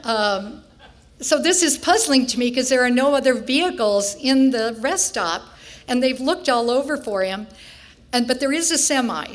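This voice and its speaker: A woman's voice: high-pitched, lively intonation, moderate pace. An older woman telling a funny personal story on stage before an audience, wry and self-mocking, laughing now and then.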